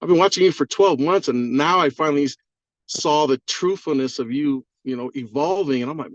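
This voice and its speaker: A man calls in to a live stream, rambling, swearing and apologizing as he chokes up with tears in a husky voice. His voice sits fairly high for a man. The audio is dry and dull, with a lo-fi, muffled tone. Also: brisk, no room sound. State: crying. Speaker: caller on a live call. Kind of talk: emotional live-stream call.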